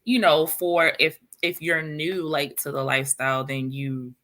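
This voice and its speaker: Low, slow-talking woman with blunt opinions. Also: little pitch movement, fairly bright tone. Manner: frank, blunt opinions with many "like" fillers. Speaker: podcast co-host. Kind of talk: casual podcast chat.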